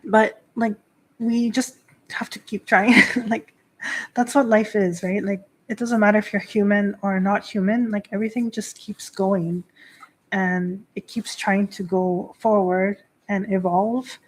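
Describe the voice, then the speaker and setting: On her casual livestream, a Shinto priestess in her thirties answers chat in a chatty, filler-packed way, often laughing. Her voice is medium-pitched and darkish, steady in tone, and measured in pace.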